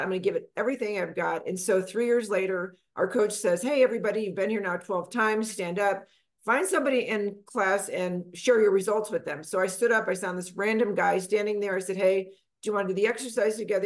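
A middle-aged woman from Texas speaks as a financial advisor guest on an interview. She tells her story in a chatty, animated way, acting out the people she quotes with sudden jumps in pitch. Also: quick pace. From Texas, USA.

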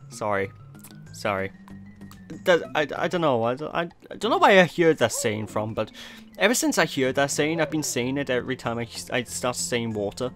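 A man's voice: mid-range voice, animated, normal speed, soft background music. A young Welsh man giving rambling, jokey, self-deprecating commentary over a video game. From Wales. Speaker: let's play host. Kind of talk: gameplay commentary.

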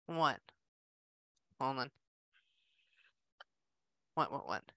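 Bright-voiced woman medium, lively and chatty. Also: extremely low pitch, no room sound, lo-fi sound. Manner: relays messages in quick bursts, acts out what she is shown. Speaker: psychic medium. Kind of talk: casual reading session.

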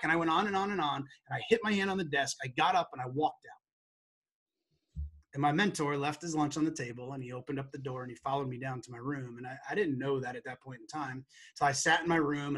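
A man's voice: a little high, slightly rough. A man telling an emotional story as a guest in an interview, earnest and acting out quotes from the past. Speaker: guest educator.

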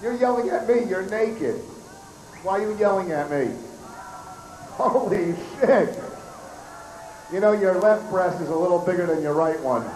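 A hoarse male comedian emceeing an outdoor festival stage, joking brashly and swearing at the crowd. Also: sits high, unhurried, long pauses, noisy background. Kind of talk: stage banter. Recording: echoey outdoor PA sound.

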